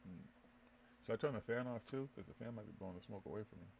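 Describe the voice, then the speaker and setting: A man's voice: on the low side, rapid-fire, creaky, darkish tone, slight background noise. A man hosting a live internet radio show, chatting loosely with lots of swearing, laughter and stumbling restarts. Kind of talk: casual live show banter.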